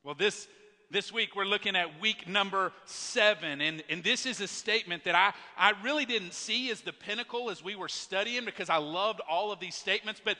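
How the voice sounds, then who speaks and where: A man's voice: high voice, normal speed, sharp tone. Male pastor. Emphatic sermon delivery in a reverberant worship hall. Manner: earnest, emphatic preaching with repeated restarts. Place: large church worship center.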